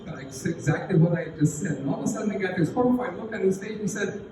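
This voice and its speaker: An older retired English teacher telling an anecdote at a class reunion in a folksy, animated way, recorded from a distance in a hall. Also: male voice, on the high side, fast talker, noisy background. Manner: folksy, animated storytelling with chuckles. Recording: echoey hall recorded from far off.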